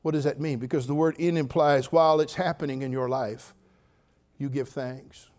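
An older man preaching a sermon as pastor, telling funny stories with sudden loud outbursts, then speaking more quietly and earnestly. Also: medium pitch, moderate pace. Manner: humorous, animated storytelling with sudden loud outbursts. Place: church.

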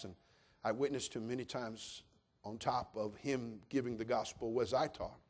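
A man's voice: mid-range voice, a little fast. Emphatic man preaching a sermon. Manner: storytelling, swinging from calm to loud and emphatic. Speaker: pastor. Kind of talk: sermon with a personal story.

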